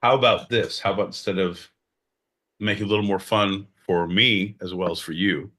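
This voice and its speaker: A man co-hosting a comedic podcast in casual banter, animated and crude, breaking into loud mock outbursts. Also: low-pitched, normal speed. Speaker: podcast co-host.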